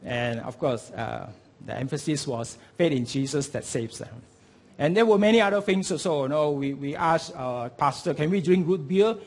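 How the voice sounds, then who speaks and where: A middle-aged man preaching a sermon, telling stories with lively swings between soft asides and loud, emphatic peaks. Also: mid-range voice, moderate pace. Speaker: pastor.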